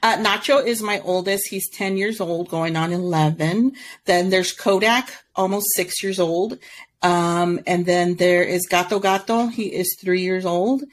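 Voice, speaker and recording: A woman's voice: fairly low pitch, unhurried. Chatty, laughing woman co-host. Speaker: podcast co-host. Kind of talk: casual chat.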